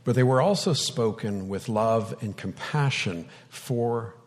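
A man preaching a sermon in a conversational way, with light humor, dramatic pauses and wide swings in loudness. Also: mid-range voice, long reverb tail.

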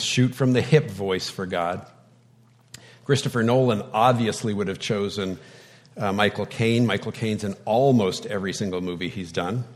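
A man preaching a sermon in a conversational way, with light humor, dramatic pauses and wide swings in loudness. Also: medium pitch, big-room sound.

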